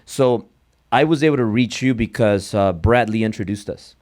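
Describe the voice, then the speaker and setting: A man's voice: on the low side, moderate pace, darkish tone. A man hosting a podcast, agreeing often and asking long rambling questions. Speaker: podcast host. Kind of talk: casual interview.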